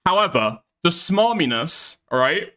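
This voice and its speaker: A young man with a softened northern English accent, reacting to a video in brash, sweary, animated commentary. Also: fairly high pitch, measured pace. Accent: Northern English, softened by the South. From Northern England. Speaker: streamer. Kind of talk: casual commentary over a video.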